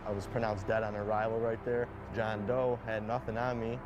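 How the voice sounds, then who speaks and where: A man's voice: lowish voice, flat delivery, moderate pace, dull audio, background noise. A young man telling his own story candidly, rambling with lots of "like" and acted-out quotes. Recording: played clip with loud background music. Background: music.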